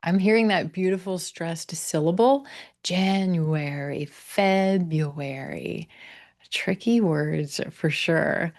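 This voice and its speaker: A woman teaching English pronunciation on a video call, encouraging learners and modeling words slowly. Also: on the low side. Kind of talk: online English class coaching.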